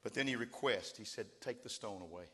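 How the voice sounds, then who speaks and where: A man preaching a sermon, emphatic and building to shouted cries. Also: fairly low pitch, fairly quick, husky, in a large hall. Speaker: pastor.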